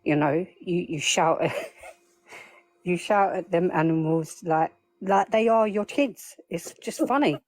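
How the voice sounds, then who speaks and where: A woman's voice: lowish voice, slow pace, darkish tone, no room sound. A woman, a guest on a live stream, chatting emotionally and rambling over her phone. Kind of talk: casual live-stream chat.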